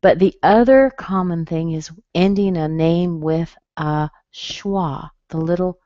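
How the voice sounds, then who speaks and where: An American woman teaching pronunciation in a webinar lesson, speaking slowly and clearly and modeling sounds. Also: fairly low pitch, mellow, dry recording, lo-fi sound.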